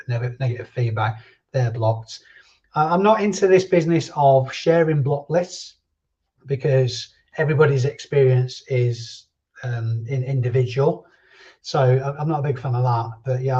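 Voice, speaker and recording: A man hosts a loose live stream chat, answering viewers as he goes. His voice is mellow and low in the treble, and the stream audio sounds a little dull and lo-fi. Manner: chatty, answers viewer comments and drifts between thoughts.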